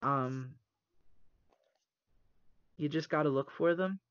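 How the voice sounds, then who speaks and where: A man co-hosting a podcast, talking earnestly and haltingly, close to tears, recorded over an internet call. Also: a little high, fairly bright tone, clear, resonant tone, no room sound. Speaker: podcast co-host. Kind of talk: casual chat. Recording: muffled dry call recording.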